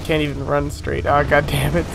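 A man casually commenting on his own gameplay, joking, swearing and reacting out loud as he plays. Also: on the high side, completely flat delivery, moderate pace, gravelly, background noise. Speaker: let's play gamer.

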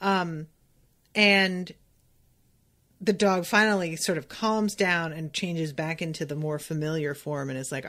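Excitable, swearing young woman podcast host. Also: sits low, a little slow. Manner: excitable, swearing, animated retelling with voiced characters. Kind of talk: casual book recap podcast.

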